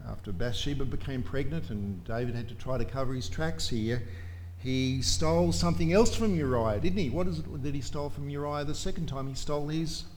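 A man's voice: mid-range voice, darkish tone, slight background noise. A man preaching a sermon in a church, emphatic and full of rhetorical questions to his congregation.

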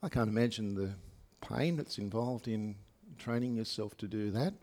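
Aussie guy preaching a sermon, gravelly, lots of ums, talks right to the congregation. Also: fairly low pitch, normal speed, darkish tone. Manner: conversational, with frequent fillers and asides to the congregation. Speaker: pastor. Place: church service.

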